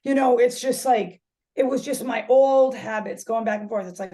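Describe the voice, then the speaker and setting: A woman yoga instructor talking candidly as a podcast guest, animated, swearing freely and restarting her sentences as she searches for words. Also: on the high side, moderate pace. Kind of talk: casual podcast conversation.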